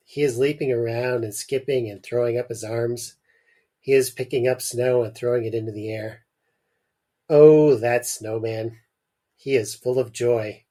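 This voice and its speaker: A man hosting a podcast, reading a short story aloud with expressive delivery and jokey asides. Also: mid-range voice.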